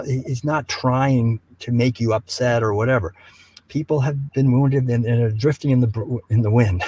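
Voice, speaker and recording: An older man talks gently and without hurry, telling stories and often restarting his phrases. His voice sits at a middle pitch. The sound is dry and close. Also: husky, dry recording, poor audio. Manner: gentle, unhurried storytelling with many restarts. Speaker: guest speaker. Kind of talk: reflective conversational talk.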